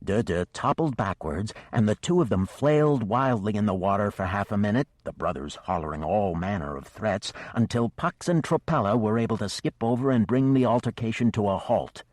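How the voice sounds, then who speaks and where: A man with a lowish voice narrates a fantasy audiobook, with an animated, storytelling delivery. He sounds close to the mic in a dry, dead room. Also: normal speed, hardly any pauses, dry recording. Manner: expressive storytelling. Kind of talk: scripted narration.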